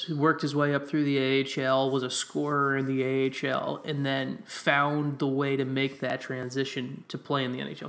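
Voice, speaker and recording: A man with a medium-pitched voice co-hosts a casual sports podcast. He thinks out loud and analyzes players as he pulls up the numbers. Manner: analytical, thinks aloud while looking up stats. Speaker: podcast co-host.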